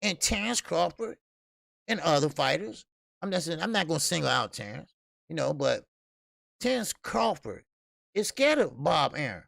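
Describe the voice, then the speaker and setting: A man hosts a boxing talk stream, and his voice is heavily gravelly and sits a little high. He chats loosely and curses freely. The sound is dry and close. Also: sing-song, moderate pace, no echo. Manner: loose, profane, shouts out chat viewers, laughs often. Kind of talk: casual livestream chat.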